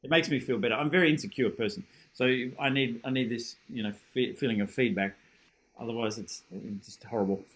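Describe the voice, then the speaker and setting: A man's voice: medium pitch, quick pace. A middle-aged man teaching a horn masterclass over a video call, encouraging and self-deprecating, showing ideas with sung syllables.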